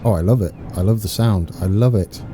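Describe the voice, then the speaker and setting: A British man giving excitable, chatty live gameplay commentary, talking to his viewers as he plays. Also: fairly low pitch, a little fast, over music. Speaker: game streamer.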